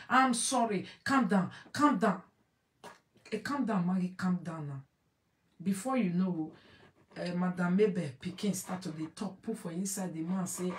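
A woman's voice: lowish voice, recorded from a distance. A woman with a Nigerian Pidgin accent hosting an online show, commenting emphatically to her audience and repeating phrases as she switches between pidgin and English. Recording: echoey room, voice away from mic.

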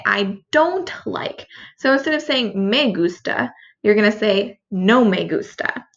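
A woman's voice: mid-range voice, bright, forceful tone, muffled recording. A woman teacher patiently walking students through a review lesson, explaining each answer step by step. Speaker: Spanish teacher.

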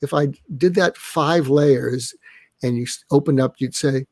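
An older man with a gravelly, slightly husky voice, heard close and dry. He speaks as a psychiatrist on a live online show. He walks through his ideas and acts out little dialogues to show them. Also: medium pitch, a little slow, darkish tone, dry recording. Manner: role-plays inner dialogue to illustrate. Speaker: psychiatrist guest. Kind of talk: conversational interview. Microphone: online live stream.

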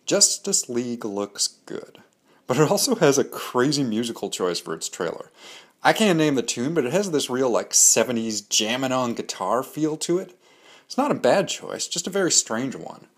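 This comics-show host speaks at medium pitch in a sing-song, slightly rough voice and a moderate pace. His scripted monologue offers frank, opinionated reviews with a dry sense of humor.

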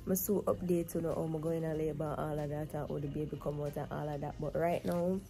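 A woman's voice: low voice, fairly even intonation, fast talker. A woman with a Jamaican accent chatting casually to camera as a vlogger, telling a story and slipping into patois. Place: hospital maternity room, in bed.

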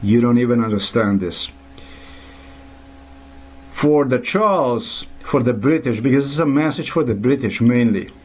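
A man's voice: mid-range voice, animated, a little slow, long pauses, a little mellow, slightly rough. A man delivering an angry, profane, rambling monologue to the camera, often restarting his sentences.

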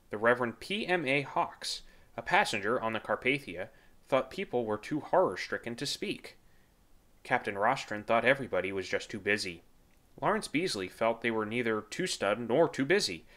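A man reading a nonfiction history book aloud as an audiobook narrator, in a measured way, lifting his pitch when he voices quoted speech. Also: pushed and bright.

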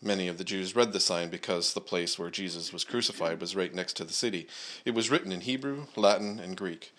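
A man preaching at a church service, praying and then reading scripture aloud in a measured way, with frequent "uh" and "um" fillers. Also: sits low, fairly bright tone.

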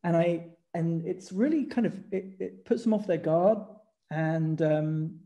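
An Englishman, guesting as a photographer in a casual conversation, tells stories in an animated way and laughs as he talks. His voice is on the high side, and he keeps a measured pace.

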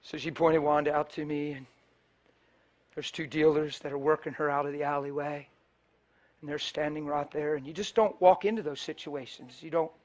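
Bright-voiced, passionate male preacher. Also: a little high, unhurried, long pauses. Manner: passionate, colloquial, acts out dialogue. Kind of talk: sermon storytelling.

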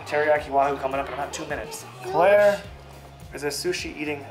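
A man's voice: fairly high pitch, brisk, music in the background. A man hosting a casual home cooking vlog, chatting easily and explaining each step as he cooks. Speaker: family fishing channel host. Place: home kitchen.

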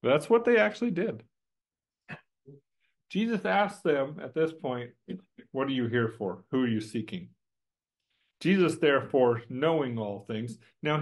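A man's voice: medium pitch, gravelly, husky. A man teaching through a Bible passage verse by verse, conversational and emphatic, posing rhetorical questions to his listeners.

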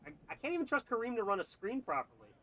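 A man's voice: very high voice, very fast, slight background noise. A young man commentating his own football video game, muttering play calls and then erupting in frustration. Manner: excitable, swings from muttered play-calling to loud outbursts. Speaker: gaming YouTuber.

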